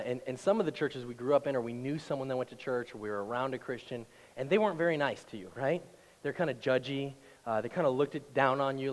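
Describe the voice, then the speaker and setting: A male pastor giving a conversational sermon that builds to loud, emphatic passages, recorded in a church auditorium. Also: medium pitch. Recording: long hall reverb.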